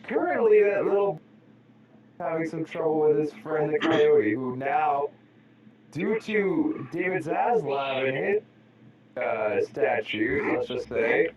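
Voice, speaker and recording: Rambling man over loud crowd noise. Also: a little high, expressive, slow pace, muffled recording. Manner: rambling, jokey tangents. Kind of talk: casual chat.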